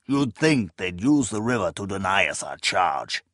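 A man voicing a bitter, scornful old warrior with a hoarse, lowered voice in an audiobook. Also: very animated, measured pace, a bit bright, no echo, clean studio sound, full character voice. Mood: gruff.

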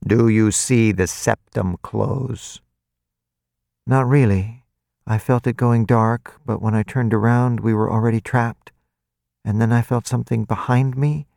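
A man voicing a frail, frightened young woman who speaks barely above a breath, halting and apologetic. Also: medium pitch, gravelly, no room sound, studio quality, pitched above the performer's own voice. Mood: shaken, apologetic. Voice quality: barely audible, soft.

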